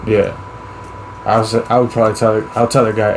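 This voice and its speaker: A young man co-hosting a casual podcast chat, giving quick, blunt, slangy replies. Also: fairly low pitch, flat delivery, vocal fry. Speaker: podcast co-host. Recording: noisy background.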